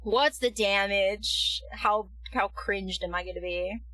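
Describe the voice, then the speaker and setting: A woman streaming a game, giggling, apologizing to her chat and cheering loudly at the screen. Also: mid-range voice, slow, far from the mic, rough recording. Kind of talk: casual live-stream commentary. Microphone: headphones on, desk mic.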